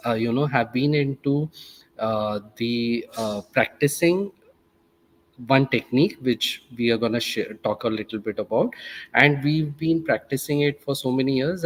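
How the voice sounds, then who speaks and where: Hesitant male host. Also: medium pitch. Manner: hesitant, many fillers. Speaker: webinar host. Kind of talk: casual hosting talk.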